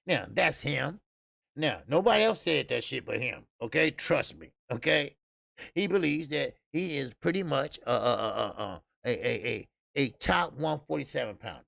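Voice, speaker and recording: A man's voice: a little high, vocal fry, fairly bright tone, no echo, clean studio sound. A man hosting a casual boxing talk show, loose and profane, laughing at his own stories. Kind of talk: casual solo boxing commentary.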